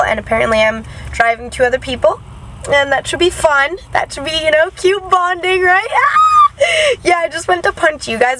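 A young woman, tired and chatty, rambles into a camera held at arm's length, her voice sitting a little high. She pokes fun at herself as she goes. Steady car and road noise runs underneath. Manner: chatty, rambling, self-mocking. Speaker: vlogger. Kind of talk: casual rambling vlog. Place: inside a vehicle. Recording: noisy car background.

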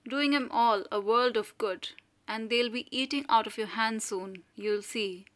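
A woman's voice: fairly high pitch, a little slow, a bit bright. A woman voicing a domineering middle-aged mother who speaks sharply and severely, raising her voice to scold her family. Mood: severe, commanding.

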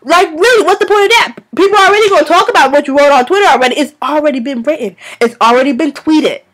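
A woman vlogger rants straight to her viewers, sassy and scolding, with plenty of bounce and attitude. Her voice sits high, and she keeps circling back to hammer her point home. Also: fast, a bit bright. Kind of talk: casual rant to camera.

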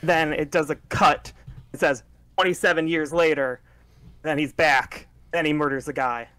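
A man co-hosting a podcast, playfully pitching jokey ideas in casual chat. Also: fairly even intonation, moderate pace, a bit bright, dry recording. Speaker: podcast co-host.

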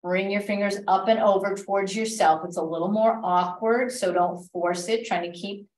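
A woman instructor guiding a stretch class with calm, step-by-step cues and gentle reminders, recorded in a library class room. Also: medium pitch, moderate pace. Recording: echoey room, voice from a distance.

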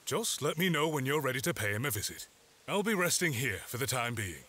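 A kindly old vicar from an adventure game, courteous and helpful. His even-toned voice lifts and dips freely as he offers assistance. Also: medium pitch, brisk, slightly rough, full character voice. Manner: gentle, obliging.

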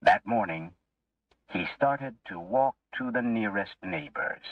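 A man reading a story aloud slowly and expressively for English learners. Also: on the low side, animated, no room sound. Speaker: narrator. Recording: muffled lo-fi, distant mic.

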